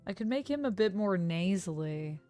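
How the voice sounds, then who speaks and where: A young woman livestreams a dating game, chatting casually and giggling between lines. Her voice sits at a middle pitch, and faint game music runs underneath. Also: expressive, normal speed, dark tone. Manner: giggly, reads game text aloud. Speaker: streamer playing a dating sim. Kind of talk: casual live gameplay commentary.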